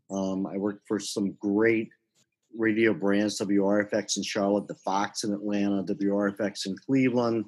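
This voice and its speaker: Man, middle-aged, low voice, from the South, no accent, easygoing career stories. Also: rough recording. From American South. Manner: storytelling, animated when quoting others. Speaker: sports executive. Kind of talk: conversational podcast interview.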